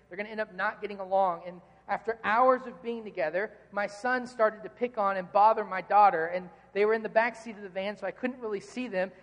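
A man preaching a sermon in a conversational, joking way, often repeating words as he starts a phrase. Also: high voice. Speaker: pastor. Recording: long reverb from a large hall.

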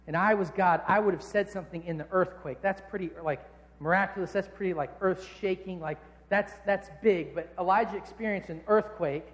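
A man's voice: high voice, big-room sound. A man preaching a sermon in a casual, conversational, jokey way.

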